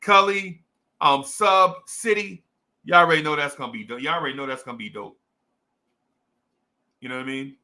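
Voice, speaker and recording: A man's voice: fairly high pitch, moderate pace, long pauses, pushed and bright. A young adult man from New Jersey with a New Jersey accent, hosting a casual fan show in a slangy, repetitive, hype way. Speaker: sports show host. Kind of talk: casual livestream chat to fans.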